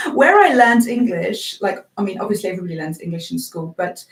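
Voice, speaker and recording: A woman's voice: mid-range voice, sing-song, normal speed, far from the mic. A woman presenting a live radio show from a small studio, a native Afrikaans speaker chatting casually with callers and viewers and giggling often. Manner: chatty, giggly, self-deprecating. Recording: roomy sound from off-mic.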